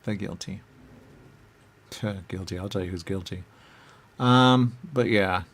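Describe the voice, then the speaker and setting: A man speaks in the first person as a dead spirit, rambling and halting as he trails off into fillers. He jumps to high voices whenever he quotes someone, and his tone is fairly bright.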